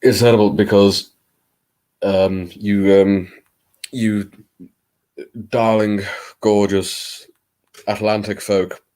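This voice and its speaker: A man's voice: on the low side, little pitch movement, takes it slowly, pauses often, a little mellow. A man from Liverpool hosting a late-night live stream, chatting with viewers in a wry, theatrical, self-mocking way and swearing casually. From Liverpool, England.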